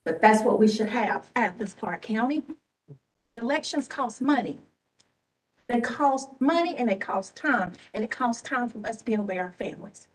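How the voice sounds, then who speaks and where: A woman's voice: on the high side, expressive, normal speed, recorded from a distance, low-quality recording. Emphatic, weary woman at a board meeting. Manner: emphatic, repetitive, scolding. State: tired and emotional. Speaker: elections official at a public board meeting. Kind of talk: impassioned public remarks. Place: government meeting room.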